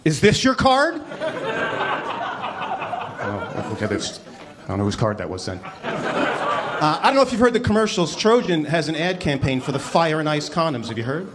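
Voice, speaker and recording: A man doing a stand-up comedy set on a club stage, animated and mock-incredulous, acting out little voices as he tells his stories. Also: high-pitched. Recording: live club recording with crowd noise. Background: audience laughter.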